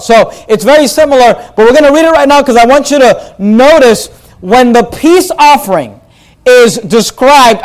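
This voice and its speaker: A man with a strikingly high voice is teaching through a Bible passage verse by verse. His tone is smooth and clear. He repeats words, restarts his phrases and tells the congregation what to underline. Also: poor audio. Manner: repeats words and restarts, reads scripture aloud, directs listeners to underline. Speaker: preacher.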